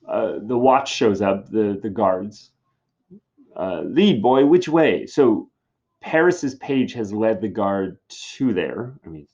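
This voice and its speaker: A man's voice: lowish voice, highs cut off. A male teacher giving a recorded literature lesson, talking casually with wry asides.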